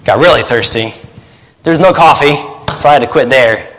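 A man's voice: medium pitch, a little fast, a bit bright, long reverb tail, poor audio. A man in his thirties preaching a casual sermon as a missionary pastor, conversational and joking, acting out quotes. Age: 30s.

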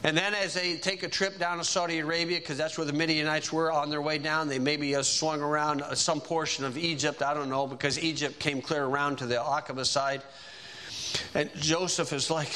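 Man, preacher, high-pitched, bright tone, animated sermon storytelling. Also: fairly quick. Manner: animated, conversational, acts out characters.

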